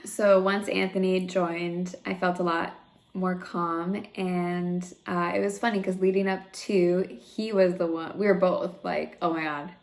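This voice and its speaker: A young woman tells her own story to the camera in a loose, chatty vlog, leaning on plenty of ums and likes. Her voice sits a little low for a woman, and she sounds close to tears at moments. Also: flat delivery, a little slow. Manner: chatty and candid, full of fillers, emotional. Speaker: vlogger.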